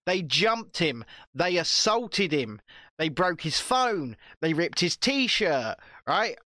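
A man's voice: a little high, sing-song, takes it slowly, bright, forceful tone, dry recording, studio quality. A man co-hosting a podcast, ranting and swearing in casual political chat, often repeating himself. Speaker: podcast co-host.

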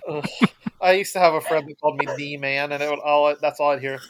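A man's voice: a little high, steady tone, fast talker, background noise. A man co-hosting a podcast in casual chat, joking and teasing. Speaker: podcast co-host.

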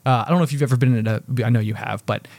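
A man in casual podcast chat, rambling and self-deprecating, filling his speech with "like." His pitch sits mid-range. The recording is dry and close to the mic. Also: very fast, darkish tone, no echo. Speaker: podcast co-host. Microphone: podcast mic with headphones.

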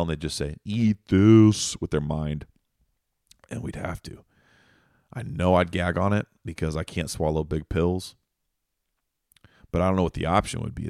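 A man's voice: extremely low pitch, creaky, no room sound, clean studio sound. A man hosting a podcast, giving a casual update in a rambling, jokey way that keeps wandering off on tangents. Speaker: podcast host.

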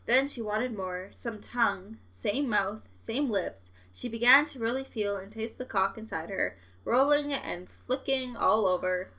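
Young woman, bright clear voice, a bit high, slow deliberate read-aloud, giggly podcast host. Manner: reads in a slow, deliberate cadence, breaking into giggles. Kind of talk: reading aloud on a livestream, with joking asides.

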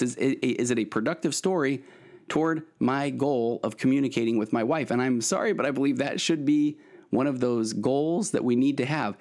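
A man's voice: medium pitch, darkish tone. A middle-aged man, a therapist hosting his podcast, giving earnest advice in a rambling way with many restarts. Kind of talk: solo podcast monologue, advice.

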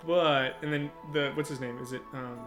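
A man's voice: medium pitch, fairly even intonation, moderate pace. A young man chatting casually as a podcast co-host, telling easygoing stories about his job. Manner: easygoing storyteller, laughs along. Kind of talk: casual chat. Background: guitar music.

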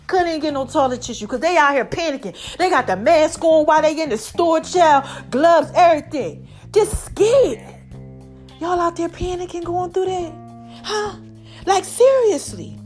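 A woman hosts her own podcast, chatting to listeners in an animated, familiar way. Her voice sits a little high, and faint music plays under her talk. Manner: chatty and animated, addresses listeners as "y'all" and "child". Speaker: podcast host. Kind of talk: casual motivational podcast talk.

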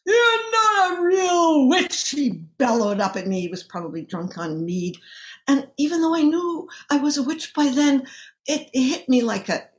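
A woman storyteller telling a story at a live event, lively and acting out the voices of the people she quotes. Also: a little high, normal speed.

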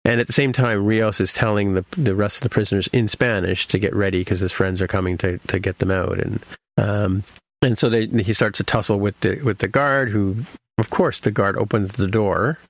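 A man's voice: fairly low pitch, fairly even intonation, moderate pace, dry recording. A man casually recapping an episode for his podcast co-hosts, rambling with many fillers and restarts. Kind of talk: casual chat.

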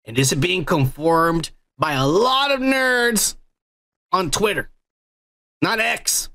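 High-voiced man, profane podcast rant. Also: slow pace, sharp tone. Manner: profane, rambling, joking. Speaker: podcast co-host. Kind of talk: crude casual podcast chat.

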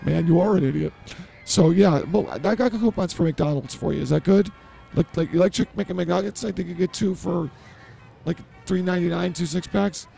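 A man's voice: high voice, normal speed, gravelly, mellow. A man hosting a comedy podcast who blurts things out and mocks himself in improvised banter. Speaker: podcast host.

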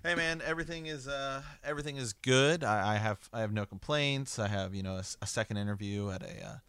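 A man hosting a book club podcast, talking in a relaxed, rambling way with many restarts. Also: medium pitch, fast, smooth, no echo. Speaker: podcast host. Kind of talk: casual podcast chat.

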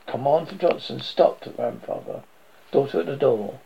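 A man's voice: mid-range voice, moderate pace, creaky. A man dramatically reading a horror novel aloud, in a dull lo-fi recording. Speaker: narrator. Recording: dull lo-fi audio.

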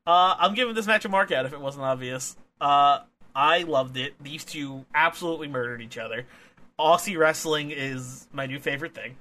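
A man's voice: a little high, normal speed, pushed and bright. A young man co-hosting a casual podcast, enthusiastic and jokey, often laughing between his lines. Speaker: wrestling podcast co-host.

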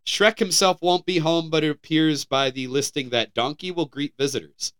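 A man's voice: a little high, normal speed, fairly bright tone, smooth. An American man co-hosting a podcast, reading out headlines in a casual, joking way and sometimes stumbling over words. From United States. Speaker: podcast co-host.

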